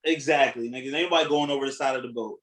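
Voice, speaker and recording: A man co-hosting a podcast, chatting casually, animated and profane, laughing as he tells stories. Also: medium pitch, rapid-fire, roomy sound, poor audio. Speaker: podcast co-host. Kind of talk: casual chat.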